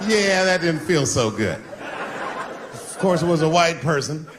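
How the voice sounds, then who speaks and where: A man doing conversational stand-up on stage, relaxed and wry. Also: a little high, a little slow. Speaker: stand-up comedian. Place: comedy stage before a large audience. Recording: loud crowd and noise on a live recording.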